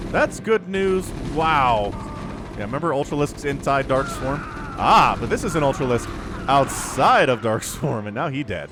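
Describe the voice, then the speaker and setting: Lively, excitable male game caster. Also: medium pitch, normal speed, music in the background. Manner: excitable, jokey, animated play-by-play. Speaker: esports caster. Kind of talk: solo game commentary.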